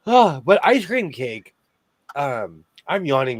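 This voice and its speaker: A man's voice: mid-range voice, wildly swooping pitch, a little slow, no echo. A man hosting a casual sewing chat, jokey and chatty, laughing often. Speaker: host of a sewing chat show.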